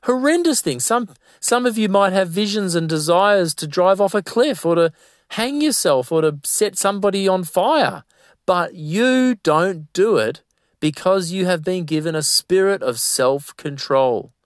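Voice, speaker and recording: A man preaches with fervent, exhorting force, his voice sitting a little high and leaping up in emphatic bursts. The sound is dry and close, with no room around it. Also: lively intonation, a little slow, no room sound. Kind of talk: sermon.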